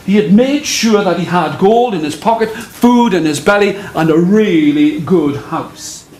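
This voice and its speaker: A middle-aged man telling a story live to an audience, animated and playful, drawing listeners in. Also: sits high, measured pace. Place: live performance venue with audience. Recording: echoey live room with crowd noise.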